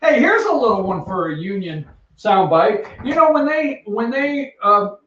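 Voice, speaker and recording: A man's voice: high voice, very animated, a little slow, fairly bright tone. A man hosting a sarcastic, jokey countdown of news headlines from an office. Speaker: host. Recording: echoey, distant, dull sound.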